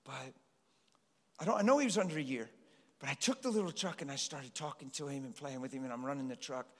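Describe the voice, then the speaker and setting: This pastor is a middle-aged man with a medium-pitched voice who moves at a quick pace. He preaches to a congregation in a church hall, animated as he tells stories and pleads with his listeners. Long hall reverb colors the sound.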